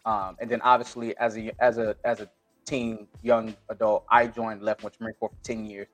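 A man's voice: lowish voice, level tone, moderate pace, soft background music. A man co-hosting a casual podcast discussion, talking bluntly and profanely, with frequent restarts. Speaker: podcast co-host.

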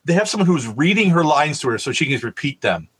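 A man's voice: fairly high pitch, big pitch swings, fast talker, fairly bright tone, breathy edge. A man co-hosting a podcast, telling rambling anecdotes in casual chat and swearing freely. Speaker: podcast co-host.

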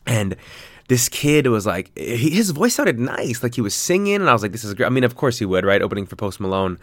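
A young man talking casually in a rambling, chatty vlog, with self-deprecating jokes and sudden jumps up in pitch when he gets excited. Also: fairly quick, no echo. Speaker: vlogger.

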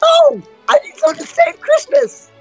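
A woman's voice: very high-pitched, moderate pace, gravelly, faint music behind, voice pushed up. A woman voicing a tiny, frantic man who pleads desperately for help in a tabletop game. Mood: frantic pleading. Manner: pleading, breathless urgency.

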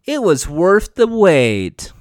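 A man voicing a cold, vengeful woman assassin in a clumsy mock British accent, with a slow, drawn-out delivery. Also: sits high, wildly swooping pitch, no room sound, clean studio sound, pitched above the performer's own voice, exaggerated voice. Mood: taunting.

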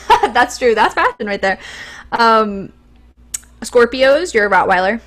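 Taking it slowly with big swings in pitch, a young woman with a fairly high, slightly bright voice co-hosts a podcast. Her casual chat is enthusiastic and full of ums.

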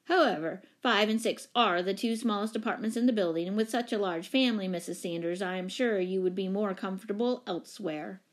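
A woman's voice: mid-range voice, brisk, hardly any pauses, close to an everyday voice. A woman voicing an imperious, indignant elderly landlady in a storybook reading, with a clipped, scolding manner. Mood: haughty.

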